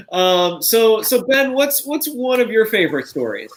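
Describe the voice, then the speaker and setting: In a casual interviewing chat, a man with a high, sing-song voice hosts an online cast reunion at a slow pace. He's friendly and often repeats words as he restarts his sentences.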